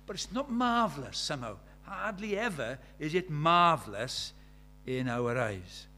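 A man's voice: on the high side, big pitch swings, unhurried, pushed and bright. An older man, preaching a sermon in a conversational way, full of rhetorical questions.

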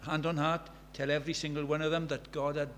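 A man's voice: a little high, flat delivery, quick pace, slight background noise. Man in his sixties preaching earnestly. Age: 60s. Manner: earnest, rising to fervent emphasis, storytelling asides. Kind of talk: sermon.

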